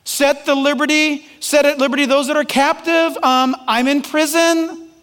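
A man's voice: very high-pitched, little pitch movement, normal speed, a bit bright, big-room sound. A man preaching a sermon as pastor, emphatic and joking, calling on listeners by name.

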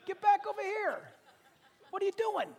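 A man's voice: very high voice, sing-song, normal speed, gravelly, big-room sound, some chatter behind, voice pushed up, full character voice. A man acting out God as an exasperated but loving male voice that hollers and coaxes. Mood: exasperated hollering. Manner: hollering, scolding, then coaxing.

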